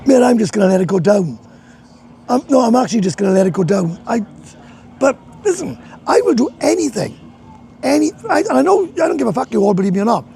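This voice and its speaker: A man's voice: extremely high pitch, expressive, brisk, creaky, warm tone, slight background noise. A Welsh man chatting on a casual live stream from a bar, rambling and swearing, laughing often. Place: bar in a hot tourist town.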